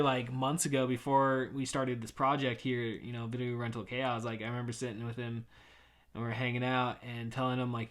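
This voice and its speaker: A man in his thirties hosting a podcast, rambling through a frustrated rant with heavy swearing and many fillers, swinging between loud outbursts and mumbling. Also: mid-range voice. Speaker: podcast host. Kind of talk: casual rant.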